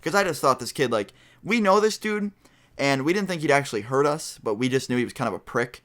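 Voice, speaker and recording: A man's voice: medium pitch, lively intonation, brisk, a bit bright. A young man vlogging a casual storytime, rambling and swearing freely as he retells events to his viewers.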